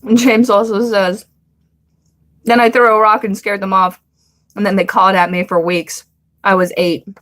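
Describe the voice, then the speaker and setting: A woman's voice: medium pitch, level tone, moderate pace, pauses often, fairly bright tone. A young woman hosting a casual live stream, chatting bluntly with viewers, swearing freely and laughing often.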